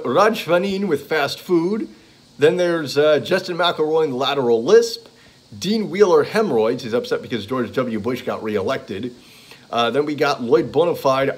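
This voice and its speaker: A man casually talking through a list of comedy CD tracks, rambling with lots of ums and uhs and little chuckles. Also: fairly high pitch. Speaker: fan reviewing comedy CDs. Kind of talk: casual monologue listing tracks.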